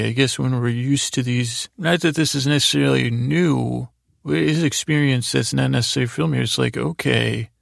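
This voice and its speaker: A man's voice: medium pitch, creaky, no room sound, clean studio sound. A man hosting a podcast, meandering through a sleepy retelling of a TV episode, often correcting himself. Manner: meandering, self-correcting, paraphrases characters loosely. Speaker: podcast host. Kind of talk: rambling sleepy recap of a TV episode.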